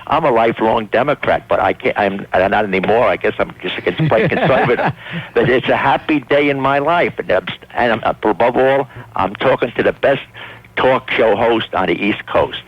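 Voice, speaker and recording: A man calling a talk radio show, rambling and hesitant while praising the host. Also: mid-range voice. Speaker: caller. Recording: dry muffled radio phone call.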